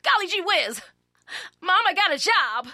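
A woman's voice: very high-pitched, big pitch swings, unhurried, bright, forceful tone, dry recording, studio quality, voice pushed up, full character voice. A woman putting on a giddy, wholesome 1950s-style young woman with chirpy, old-fashioned exclamations.

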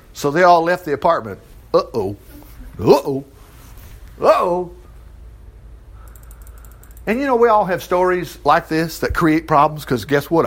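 A man preaching in a folksy, storytelling way, full of wry asides. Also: fairly high pitch. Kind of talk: sermon, conversational storytelling.

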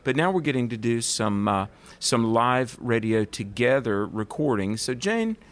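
A man's voice: mid-range voice, lively intonation, unhurried. A man with a Southern US accent hosting a radio interview, chatty and enthusiastic with a rambling way of talking. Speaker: radio show host. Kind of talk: casual interview chat.

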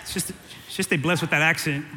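A man preaching a sermon in a church, animated and jokey, teasing his listeners and repeating phrases for effect. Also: on the high side, brisk, a little hiss or hum. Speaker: pastor. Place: church sanctuary. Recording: long reverb of a large hall.

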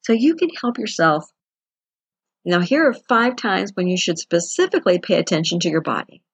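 Husky low-voiced woman, chatty wellness talk. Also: expressive, moderate pace, dry recording. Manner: chatty, conversational, acts out quotes with laughs. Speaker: wellness teacher. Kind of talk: casual self-help talk.

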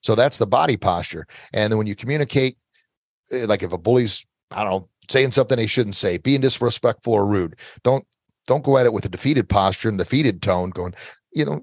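A man's voice: fairly low pitch, fairly quick, no room sound. A middle-aged man giving earnest, motivational self-defense advice as an interview guest, coaching listeners and repeating his key phrases.

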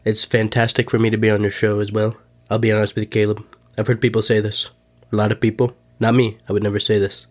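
A man putting on a bragging older politician who circles back to himself at every turn, repeating his boasts over and over. The voice sits low and flat, with barely any rise or fall. It is played as a comedic podcast sketch. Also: quick pace, hardly any pauses, natural voice. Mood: boastful. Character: boastful older male ex-president, self-obsessed.

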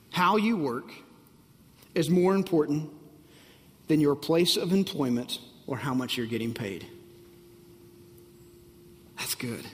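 Preaching with a long reverb tail behind him, a pastor with a fairly high voice delivers an emphatic sermon. He repeats his phrases and often checks whether the congregation is ready.

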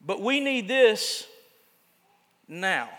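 A man's voice: high-pitched, big pitch swings, extremely slow, a bit bright, long reverb tail. A man preaching a sermon as pastor, casual and self-deprecating, often restarting his sentences.

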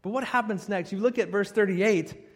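A man preaching a sermon as a pastor, animated and slipping in jokes between his points. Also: high-pitched, moderate pace. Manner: animated preaching with joking asides. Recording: long reverb of a hall.

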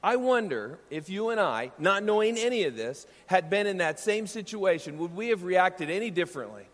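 A man preaching a sermon as pastor, teaching earnestly and slowing down to stress key lines. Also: high-pitched, lively intonation, big-room sound.

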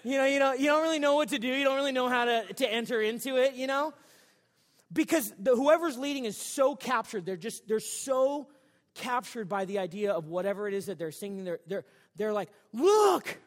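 A man's voice: extremely high pitch, a little fast, big-room sound. A male pastor preaching a sermon in a church sanctuary, in a casual, joking, conversational way.

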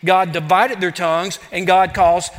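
A man preaching a sermon as pastor, in an animated, conversational way with playful asides, in a church sanctuary. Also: high-pitched, measured pace. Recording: church hall reverb.

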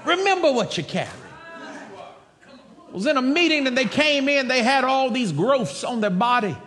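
An American man preaching a sermon with emphatic delivery that breaks into shouts and laughter. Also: very high voice, animated, moderate pace, big-room sound. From United States.

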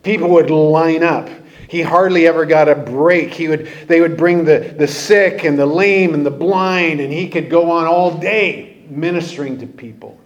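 At a normal speed, a fairly high-pitched male pastor preaches an animated, conversational sermon packed with rhetorical questions. The high frequencies of the recording are cut off.

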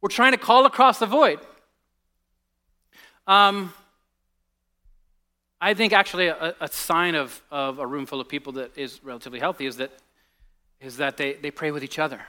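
Pastor, man in his 40s, high clear voice, loose storytelling sermon. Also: moderate pace, long pauses. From United States. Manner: animated storytelling, drops to a hushed voice on serious points, many restarts. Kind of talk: conversational sermon.

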